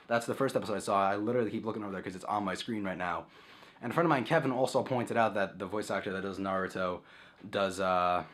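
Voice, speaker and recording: A young man with a fairly low voice rambles through a casual home vlog. He keeps sidetracking, drops swear words freely and breaks into animated sound effects. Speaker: vlogger.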